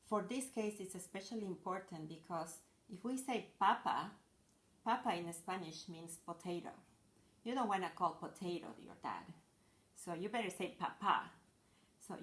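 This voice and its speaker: A woman teacher giving a children's language lesson, patient and slow, sounding out each word clearly. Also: lowish voice, echoey room.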